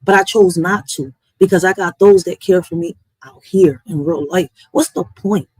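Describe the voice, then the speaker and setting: A woman hosting a livestream, venting in a blunt, profane, animated way. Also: lowish voice, moderate pace, husky, dry recording, poor audio. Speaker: livestream host. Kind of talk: casual livestream rant.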